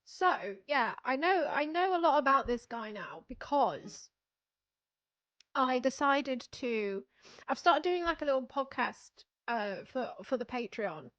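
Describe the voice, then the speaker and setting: A woman's voice: high voice, animated, unhurried, fairly bright tone, dull audio. A young woman chatting casually on a livestream, rambling and self-deprecating, laughing often. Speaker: streamer.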